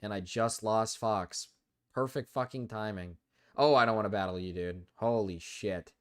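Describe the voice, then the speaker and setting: A lowish male voice at normal speed belongs to a young man suffering from a cold. Commentating a gaming stream live, he swears and complains in frustration.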